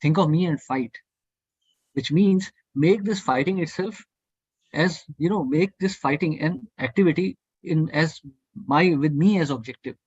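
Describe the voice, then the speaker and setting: A man's voice: on the high side, measured pace, darkish tone, husky, no room sound, highs cut off. A man leading a devotional scripture study class, urging listeners earnestly and repetitively to think and debate. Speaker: study group speaker.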